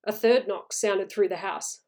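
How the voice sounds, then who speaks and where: A woman reading a horror short story aloud in a measured, suspenseful way. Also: medium pitch, steady tone, a little mellow.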